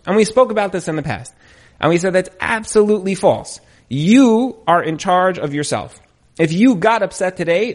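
A man teaching an informal Torah class, retelling a story in a conversational, storytelling way. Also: high-pitched. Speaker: Torah lecturer.

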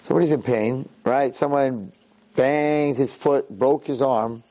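A middle-aged man, a rabbi, giving a lively Torah lecture to a class and acting out the voices in his stories. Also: medium pitch, a little slow. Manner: animated storyteller who acts out voices and cries out quoted lines.

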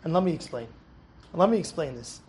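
A young adult rabbi giving an animated, emphatic Torah lesson to young students, telling a story and repeating phrases for stress. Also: male voice, a little high, brisk, a little hiss or hum. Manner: emphatic, repeats phrases, shouts in acted quotes.

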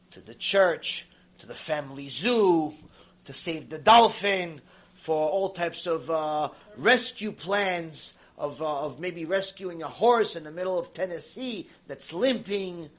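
A man, a rabbi, telling a story in a sermon with dramatic swings from loud exclamations to near whispers and Hebrew terms mixed in. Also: on the high side, slightly rough, low-quality recording. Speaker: rabbi teaching a Torah class.

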